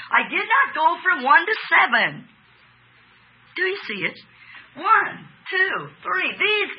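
A woman preaches a sermon in a high, slightly rough voice on a lo-fi recording. She stretches key words for emphasis and puts questions to her audience, who respond.

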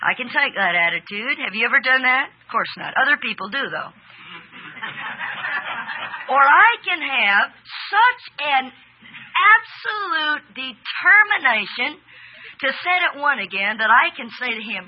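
A woman's voice: high-pitched, sing-song, lo-fi sound, a little hiss or hum. A woman preaching a sermon, stretching key words for emphasis and putting questions to her listeners. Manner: emphatic, drawn-out stresses, asks audience questions. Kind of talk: sermon with audience exchange.

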